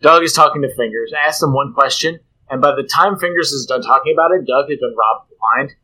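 A man co-hosting a casual podcast, animated as he builds comic scenarios. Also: medium pitch, a little fast, poor audio. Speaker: podcast co-host. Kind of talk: casual chat.

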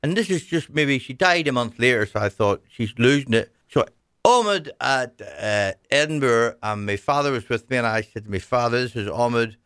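A man's voice: medium pitch, expressive, moderate pace, a bit bright, smooth, no room sound. A man, a comedian and radio guest, telling rambling stories in a wry, casual way in a studio. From Northern Ireland. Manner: wry, rambling anecdotes with put-on quoted voices. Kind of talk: casual radio interview, storytelling. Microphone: studio microphone.

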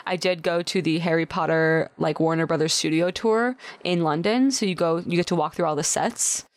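A young woman co-hosting a podcast in casual chat, chatty and quick with asides, laughing often. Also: fairly low pitch, dry recording. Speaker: podcast co-host.

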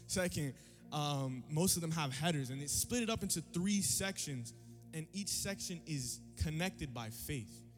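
A man preaching a casual, slangy Bible study sermon in an animated, conversational way. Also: fairly high pitch, in a large hall.

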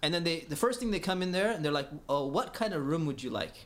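Man from the US, casual storyteller, lively, acts out the dialogue, slightly high voice. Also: fast. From United States. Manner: animated, laughs often, acts out dialogue.

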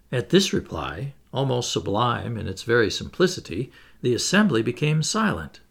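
A man reading a classic novel aloud as an audiobook, with a measured, expressive delivery. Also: mid-range voice, vocal fry. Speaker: audiobook reader. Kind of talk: scripted narration of a classic novel.

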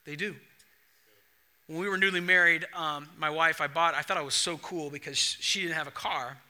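A young adult male pastor preaching a sermon to his church, telling stories with lively acted-out dialogue. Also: on the high side, normal speed. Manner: animated storytelling, acts out dialogue.

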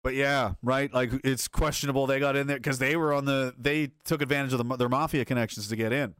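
A man's voice: medium pitch, fairly even intonation, a little fast, a bit bright, smooth. A man hosting a livestream and reading chat aloud, riffing sarcastically with lots of swearing and laughter.

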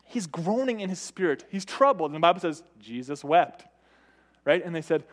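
A man with a high voice preaches a sermon. He talks in a conversational way, keeps asking the listeners "right?", and raises and drops his voice for emphasis. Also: expressive, moderate pace. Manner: conversational, often asks "right?"; varies pitch and loudness for emphasis.

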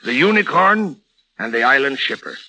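An actor playing a blustering sixty-year-old shipping boss who bellows colorful sea oaths, in 1940s radio acting style. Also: male voice, medium pitch, sing-song, moderate pace, sharp tone, heavily acted, low-quality recording. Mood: scheming.

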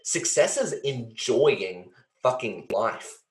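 Medium in pitch but very animated, this male podcast host speaks slowly. He's in a reflective conversation, sincere and feeling, thinking out loud through plenty of fillers and the occasional swear. Echo from the room is clearly audible.

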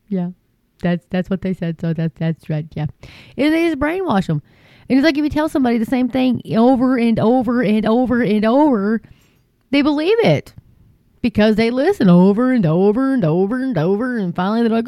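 A woman hosting a casual commentary show, talking in an indignant, sarcastic way and mocking others with sudden high jumps in pitch. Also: lively intonation, normal speed, dark tone, no room sound.

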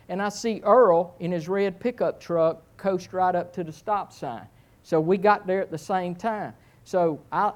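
Male pastor, sermon, lively self-mocking storyteller with big pitch swings.

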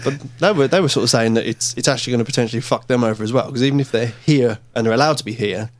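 A man's voice: mid-range voice, rapid-fire. A man hosts a casual podcast chat. He talks in a jokey, chatty way and swears freely. His voice sits in a middle range.

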